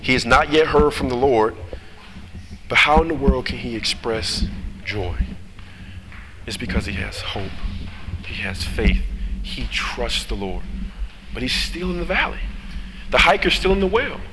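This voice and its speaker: A male pastor delivering a sermon with animated rhetorical questions. His mid-pitched voice echoes through a long church-hall reverb. A steady background noise sits under every word. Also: unhurried, pauses often.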